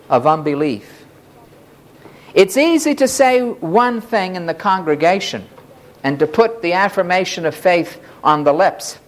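A preacher giving a sermon, emphatic and dramatic in delivery. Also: medium pitch.

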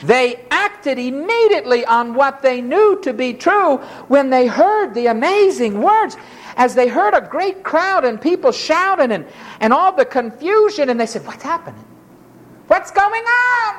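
A preacher delivering a sermon in an emphatic, dramatic way, dropping to low murmurs and rising to high exclamations as she acts out the people in the story. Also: expressive, measured pace.

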